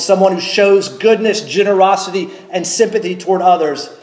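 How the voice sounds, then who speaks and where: High-voiced man preaching in an echoey church. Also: darkish tone. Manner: measured, emphatic, slows down on key words. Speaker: pastor. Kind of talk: expository sermon from a pulpit. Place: church sanctuary.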